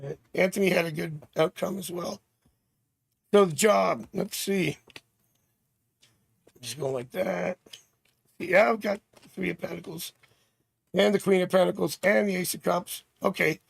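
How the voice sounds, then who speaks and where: A man from Canada hosting a live tarot stream, chatting with viewers and thinking out loud as he reads cards. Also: high-pitched, vocal fry, slightly rough, dry recording. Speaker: tarot reader and livestream host.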